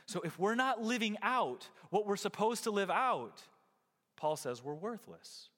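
A man preaching a sermon as pastor, swinging from loud emphasis down to quiet, close remarks. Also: sits high, a little slow, long reverb tail. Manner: expressive preaching, rising and dropping to near quiet.

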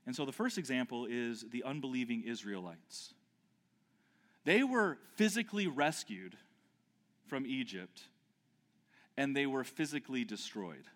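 A man's voice: mid-range voice, fairly bright tone. A man preaching an expository sermon, emphatic, with rhetorical questions and frequent restarts. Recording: long hall reverb.

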